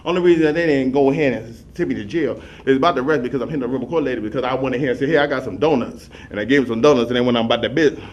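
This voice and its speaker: A man telling rambling comic stories in a rapid, run-on, repetitive way, animatedly acting out the scenes. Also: medium pitch, dull audio. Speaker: comic storyteller.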